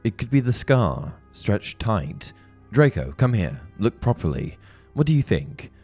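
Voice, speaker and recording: Man doing eager aristocrat father, avid, pushy, voice pitched up, lively. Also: moderate pace, faint music behind, lightly acted. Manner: avid, excited urging. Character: eager aristocratic male dark wizard father.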